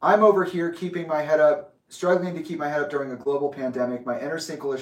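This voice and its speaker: A man reading his own letter aloud with asides, in a measured, deliberate way. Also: a little high, steady tone. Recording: roomy echo, distant from mic.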